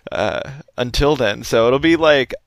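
Animated young man, dry close sound. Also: medium pitch, a little slow, dry recording. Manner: animated, swears, acts out quoted lines. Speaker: podcast co-host. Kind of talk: casual chat.

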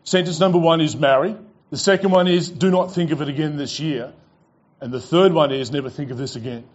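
A man's voice: fairly high pitch, a little fast, lo-fi sound. A man preaching a sermon as pastor, telling stories with casual fillers and repeated "he goes.".

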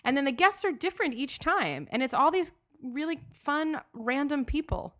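A woman's voice: high voice, very animated, normal speed, a bit bright. A woman co-hosting a podcast in casual chat, chatty and enthusiastic, often trailing off mid-sentence. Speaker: podcast co-host.

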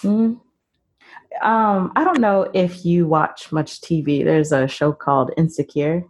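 A woman host with a lowish voice, speaking very slowly and unhurriedly. She is laid-back in casual conversation and laughs easily. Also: darkish tone. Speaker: interviewer.

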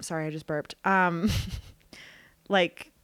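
A woman's voice: lowish voice, fairly even intonation, slow, fairly bright tone, clean tone, no echo. A woman in casual conversation, making playful remarks. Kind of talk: casual chat.

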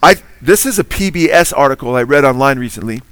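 A man's voice: mid-range voice, expressive, fast, a bit bright, clear, resonant tone, no echo. A man preaching a sermon, earnest and emphatic, quizzing his listeners with Bible trivia.

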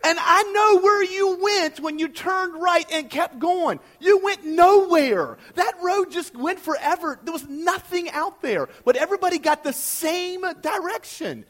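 A middle-aged man preaching a sermon, telling a story in an animated way and often checking in with the listeners. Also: very high voice, measured pace, few pauses. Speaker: pastor.

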